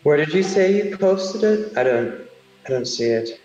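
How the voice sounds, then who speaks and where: A man's voice: a little high, animated, a little slow, a little mellow, muffled recording, faint music behind. A man casually chatting and asking curious questions as co-host. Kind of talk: casual chat. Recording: echoey room with long reverb.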